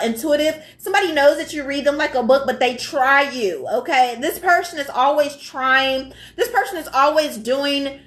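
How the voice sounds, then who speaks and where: A high-voiced woman giving a live tarot reading. She is blunt and profane, and she stresses her points hard. She keeps checking in with the listener. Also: fairly bright tone. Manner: blunt, profane, emphatic, keeps asking "all right?". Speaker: tarot reader.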